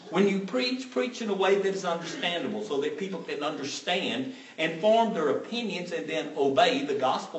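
A man's voice: fairly high pitch, distant mic. A man preaching a sermon, emphatic and given to repeating phrases for stress. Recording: echoey room, voice off-mic.

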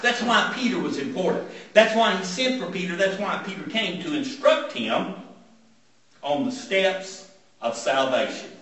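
Emphatic preacher with a big echo. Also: male voice, mid-range voice, fairly bright tone. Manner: storytelling, emphatic repetition. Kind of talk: sermon. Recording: very echoey room, mic far off.

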